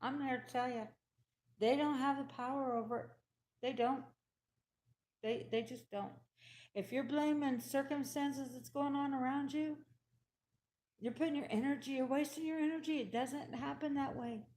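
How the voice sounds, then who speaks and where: A woman's voice: sits high, steady tone, normal speed, darkish tone, slight background noise. A woman telling a personal story in a casual, emphatic way, repeating her points and acting out the dialogue she quotes.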